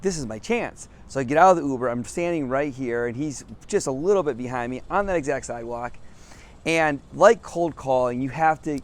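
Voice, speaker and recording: A man's voice: medium pitch, a little hiss or hum. A middle-aged man, a business coach, telling a story to camera on a city sidewalk outdoors, upbeat and laughing often at himself.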